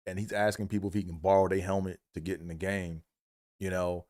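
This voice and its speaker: A man's voice: sits low, little pitch movement, brisk, darkish tone, no echo, clean studio sound. A man casually telling a comic story from his football days, slangy and profane. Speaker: comedic storyteller. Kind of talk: comedic storytelling monologue.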